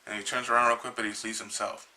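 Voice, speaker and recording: Bright-voiced man rambling through a comic. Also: fairly low pitch, little pitch movement, poor audio. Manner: rambling, halting, with many restarts. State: a little tired. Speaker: comic book reviewer. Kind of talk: casual retelling of a comic.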